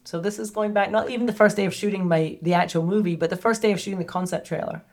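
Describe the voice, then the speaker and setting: A woman's voice: medium pitch, fairly even intonation, quick pace, darkish tone. A woman hosting a podcast, telling a personal story in a candid, chatty way with plenty of asides. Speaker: podcast host.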